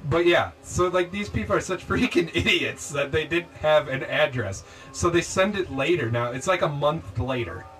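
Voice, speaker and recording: A man's voice: fairly high pitch, normal speed, a bit bright. A man hosting a podcast in loose casual chat, rambling with lots of "like" and laughing often. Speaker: podcast host. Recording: distant mic with music behind.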